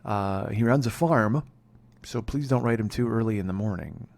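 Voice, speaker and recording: A man in his forties hosting a comedy podcast, telling a story in an excitable, profane way and laughing at himself. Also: lowish voice, moderate pace, vocal fry. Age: 40s.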